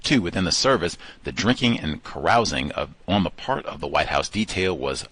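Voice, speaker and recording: A man's voice: low-pitched, expressive, normal speed, a bit bright, husky, no echo. A man hosting a call-in study session, reading passages aloud and breaking off into sardonic asides. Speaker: host.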